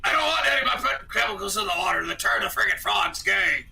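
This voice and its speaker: A man doing an impression of a gruff conspiracy radio host, hoarse as if he had bronchitis, shouting a rant. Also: sits high, animated, fast talker, pitched below the performer's own voice, full character voice.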